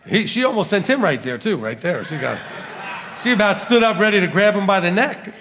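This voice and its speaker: A man's voice: sits high, expressive, brisk, a bit bright. A middle-aged man teaching scripture as a rabbi, telling stories with laughs and rhetorical questions. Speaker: rabbi teaching a Bible study. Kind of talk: animated sermon teaching. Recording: long hall reverb.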